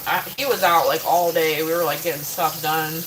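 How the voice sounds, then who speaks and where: A woman's voice: low voice, steady tone, moderate pace, background noise. A woman casually chatting with her viewers in her home kitchen, rambling, full of "like" and casual swearing. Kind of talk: casual chat. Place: home kitchen, doing chores.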